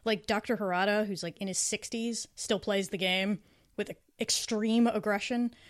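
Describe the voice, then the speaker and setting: A woman's voice: medium pitch, steady tone, moderate pace. A woman co-hosting a casual podcast, speaking with a mid-range voice. She talks enthusiastically and breaks into little voices for the characters she quotes. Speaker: podcast co-host. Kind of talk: casual podcast review chat.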